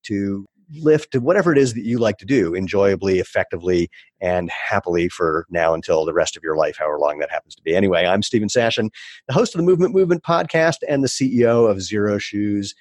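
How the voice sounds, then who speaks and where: Lowish guy hosting a podcast, jokey and quick, dry close sound. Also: a little mellow, no echo. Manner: jokey, quick, laughs often. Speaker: podcast host. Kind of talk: casual interview chat.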